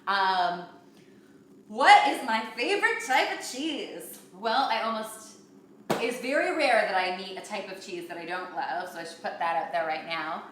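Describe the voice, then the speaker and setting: A woman's voice: medium pitch, expressive, a little slow, roomy sound, noisy background. A Canadian woman in her thirties hosting a live cooking show from her home kitchen, chatting upbeat and answering viewer questions.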